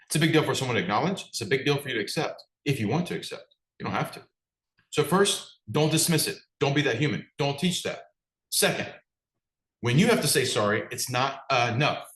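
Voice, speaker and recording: A man's voice: medium pitch, expressive, a little fast, a bit bright, echoey room, poor audio. A man, a business coach, giving a direct, conversational motivational talk and putting questions to his audience. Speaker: business coach for martial arts school owners.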